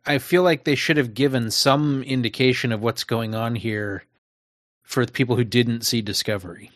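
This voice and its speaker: A man's voice: medium pitch, moderate pace, a bit bright, dry recording, clean studio sound. A man in casual chat about a TV episode, conversational with wry asides. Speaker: podcast co-host.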